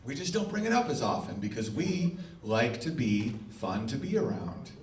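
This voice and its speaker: A middle-aged man performs a crude, brash stand-up set on a club stage, acting out quoted exchanges while the audience laughs. His medium-pitched voice is very animated at a normal speed. The roomy live club sound is picked up from a distance, with a little hiss or hum.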